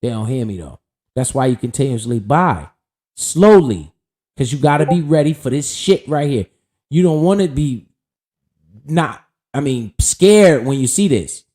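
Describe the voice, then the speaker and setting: This stock market streamer is animated, speaking at a moderate pace in a medium-pitched, slightly mellow voice. He delivers casual, profane, hyped commentary to his viewers while going over his account.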